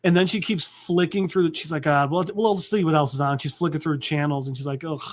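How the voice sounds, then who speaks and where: A man co-hosting a podcast, casually recapping a comic and acting out the characters' lines in an animated way. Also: fairly high pitch, brisk. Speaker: podcast co-host.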